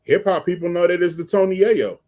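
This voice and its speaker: A man hosting a podcast, talking in an animated way and repeating words when he gets excited. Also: sits high, fairly quick. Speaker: podcast host. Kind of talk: casual chat, music commentary.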